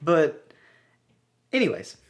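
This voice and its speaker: Lively, laughing young man telling stories. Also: fairly high pitch, takes it slowly. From southern United States. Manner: animated, laughing, self-deprecating storyteller. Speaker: podcast co-host. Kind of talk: casual chat.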